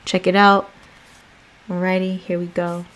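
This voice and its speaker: A woman's voice: fairly low pitch, a little hiss or hum. An American woman hosting a livestream, chatting casually and reading a meditation aloud. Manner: relaxed, chatty, slow and drawn out. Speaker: livestream host.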